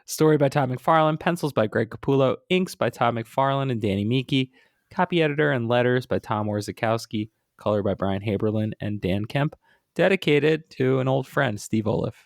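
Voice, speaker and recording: Congested podcast co-host, dry close sound. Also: male voice, mid-range voice, normal speed, gravelly, no echo. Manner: relaxed, hesitant, frequent restarts. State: congested, sniffly. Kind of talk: casual chat.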